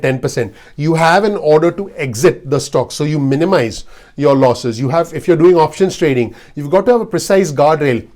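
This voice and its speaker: A man's voice: fairly high pitch, a little mellow. A man giving blunt, earnest investing advice straight to his video audience. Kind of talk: direct-to-camera advice talk.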